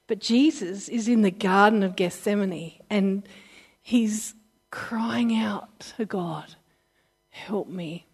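A woman from Britain or Australia preaches in a slow, unhurried way. She sounds earnest and emotional, stops to restart her sentences, and slips into the voices of the people she quotes. Her voice sits at a middle pitch for a woman. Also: darkish tone, breathy edge. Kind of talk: informal sermon.

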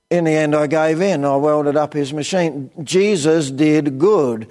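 An older man with an Australian accent preaches in a plain-spoken, storytelling way, acting out the voices of the people in his stories. His voice sits notably high for a man. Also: measured pace, hardly any pauses, a little mellow. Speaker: pastor. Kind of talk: sermon with personal stories.

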